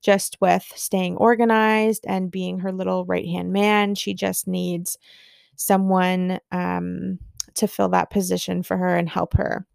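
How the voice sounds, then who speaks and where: A young woman hosting a podcast, telling a story in a gushing, excitable way with lots of fillers. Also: lowish voice, slow pace, gravelly, smooth, dry recording, clean studio sound. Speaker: podcast host. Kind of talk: casual storytelling monologue.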